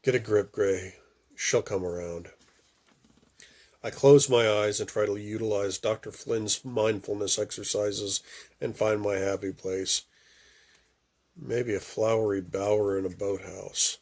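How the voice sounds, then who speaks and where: A man reading a first-person novel aloud, with occasional stumbles and restarts and phrases that drop off softly. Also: lowish voice, steady tone, unhurried. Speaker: audiobook reader.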